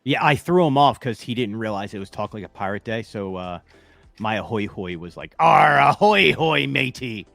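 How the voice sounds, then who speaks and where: A man's voice: on the low side, fairly quick, no room sound, soft background music. A man co-hosting a podcast at home, chatting casually and rambling, with frequent laughs. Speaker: podcast co-host. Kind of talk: casual chat.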